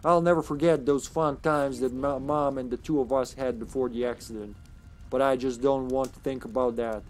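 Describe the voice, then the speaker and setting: A man reading a letter aloud as a sad young woman saying goodbye, in a put-on Southern American accent and a soft, wistful tone. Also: medium pitch, fairly even intonation, normal speed, a little hiss or hum, natural voice.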